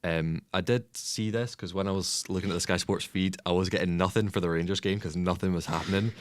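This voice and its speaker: Male co-host, very low voice, relaxed and hesitant, dry sound. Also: a little fast, dry recording. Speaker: podcast co-host. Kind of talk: casual football chat.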